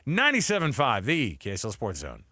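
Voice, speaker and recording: Male sports talk host, joking, bright tone, dry studio sound. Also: medium pitch, huge pitch swings, a little fast, slightly rough, dry recording. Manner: joking, wry, reads quotes aloud in mock voices. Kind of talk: casual sports radio banter. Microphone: studio microphone, dry.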